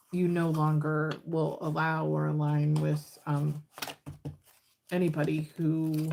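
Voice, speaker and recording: A woman with a lowish voice doing a relaxed livestream tarot reading and chatting with her viewers between cards. She sounds tired after hours of talking, and she laughs easily. A faint hiss of noise sits under her voice. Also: vocal fry. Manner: chatty, laughing, talks to chat. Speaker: tarot reader.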